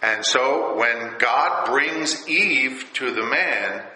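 A man's voice: medium pitch, very slow, bright, forceful tone. A man preaching a sermon and teaching from scripture. He often checks in with his listeners with rhetorical questions. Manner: rhetorical, keeps asking "all right?". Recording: echoey room.

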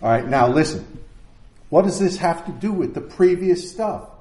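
A man's voice: fairly high pitch, animated, normal speed, mellow, roomy sound. A man preaching a sermon in a conversational way, often checking in with "all right?" and acting out the people in the story. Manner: conversational, acts out quoted voices, frequent "all right?". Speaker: pastor.

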